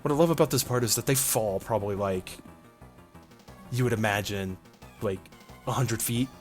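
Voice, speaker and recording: With game music playing behind him, a man gives casual gameplay commentary as a let's play host, rambling and filling space with lots of fillers. His pitch is fairly low and he talks at a normal speed.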